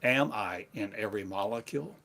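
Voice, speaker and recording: A man giving a slow, meditative sermon in halting, repetitive phrases, like an incantation. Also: fairly low pitch, gravelly, a bit bright. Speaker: spiritual teacher.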